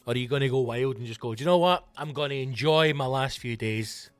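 A Scottish man hosting a solo comedy podcast, swearing a lot and ranting with loud, hyped energy. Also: mid-range voice, a little fast, dry recording, soft background music. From Scotland. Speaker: podcast host.

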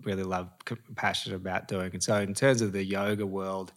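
A man's voice: low voice, level tone, brisk. A man who teaches yoga, a guest in a casual interview, speaking thoughtfully and often restarting his sentences.

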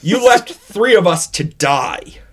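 A man's voice: high-pitched, big pitch swings, takes it slowly, heavily acted. A man voicing a bitter, tall Goliath man, a former adventuring companion who holds a grudge. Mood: reproachful. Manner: grudging, reproachful.

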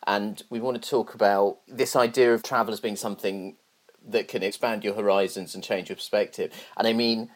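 A man's voice: lowish voice, steady tone, fairly quick. A man hosting a podcast, narrating scripted links and interviewing a guest, wry and self-deprecating. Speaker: podcast host.

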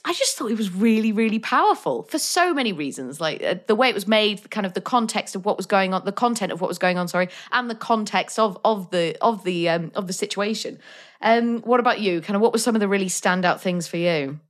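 A woman chats openly about a film with her co-host, speaking at a mid pitch. Her talk is loose and frank, peppered with "like" and small restarts. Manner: chatty, frank, uses "like" a lot. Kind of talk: casual film discussion.

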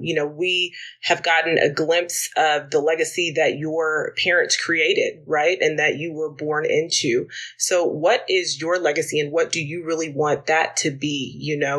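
A man's voice: on the high side, fairly bright tone. A man hosting a podcast, asking questions casually with affirmations and loose phrasing. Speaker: podcast host, interviewer.

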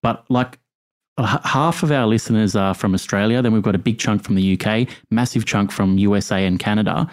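A man hosting a call-in podcast, with a somewhat low voice. He chats casually, jokes and laughs easily with his co-host and callers. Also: fairly quick, darkish tone. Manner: friendly, banters and laughs easily.

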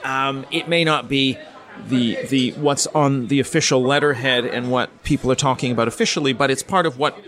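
A crowd can be heard behind a middle-aged Canadian politics professor as he answers interview questions in a mid-range voice. His answers are measured and explanatory, though he thinks aloud with fillers and restarts.

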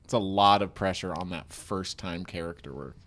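A man's voice: deep voice, moderate pace, a bit bright. A young man co-hosting a podcast, joking in casual chat and slipping into funny voices. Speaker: podcast co-host.

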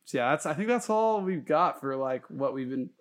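A man's voice: a little high, animated, moderate pace. Man chatting casually, swearing freely. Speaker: podcast co-host. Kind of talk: casual chat.

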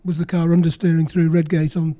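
A man's voice: on the high side, level tone, a little fast, dark tone. A man who writes for a magazine, chatting casually on a panel with a few fillers. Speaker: magazine journalist.

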